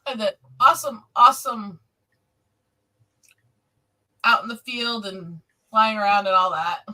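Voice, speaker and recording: A woman's voice: fairly high pitch, a little slow, sharp tone. A woman streaming casually to her viewers, gushing and emotional as she talks, laughing often. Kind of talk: casual live-stream chat.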